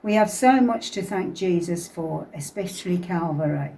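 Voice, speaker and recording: A woman deacon reading a reverent devotional reflection in a steady way. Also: fairly low pitch, normal speed, hardly any pauses. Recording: distant mic on a livestream.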